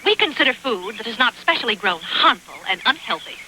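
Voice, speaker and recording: A woman's voice: on the high side, sing-song, brisk, sharp tone, a little hiss or hum, full character voice, rough recording. An actress playing a prim, disapproving woman who runs a health farm, talking in a scolding way.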